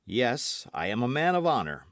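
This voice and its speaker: A man reads an audiobook, giving voice to a gallant, ardent young swordsman in an earnest, caressing way. He pitches the character above his own natural voice, which sits in the mid range and swings widely in pitch. The pace is moderate, and the studio-quality recording has no echo.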